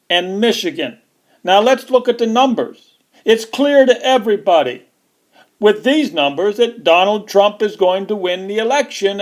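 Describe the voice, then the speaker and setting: A man giving a scornful, emphatic political rant over news footage, repeating his points for weight. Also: sits high. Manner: scornful, mocking. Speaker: online political commentator.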